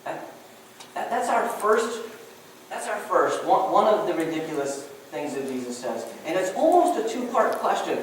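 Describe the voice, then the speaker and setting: A man's voice: high voice, sing-song, normal speed. Conversational male preacher, chatty and jokey, roomy church sound picked up from afar. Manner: conversational and joking, many restarts. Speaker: pastor. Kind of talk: sermon. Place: church sanctuary. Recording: distant mic with echoey room and faint noise.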